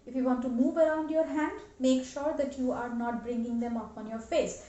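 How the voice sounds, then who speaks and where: A woman's voice: high-pitched, fairly even intonation, normal speed, few pauses, warm tone. A young woman giving an earnest lesson on body language, talking to camera and demonstrating gestures as she goes. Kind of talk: instructional talk to camera. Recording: roomy, dull lo-fi sound.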